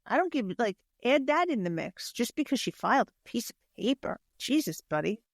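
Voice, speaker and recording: A woman's voice: on the high side, big pitch swings, a little fast, dry recording, studio quality. A woman co-hosting a podcast, giving blunt, opinionated takes on a book in casual chat and swearing freely. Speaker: podcast co-host.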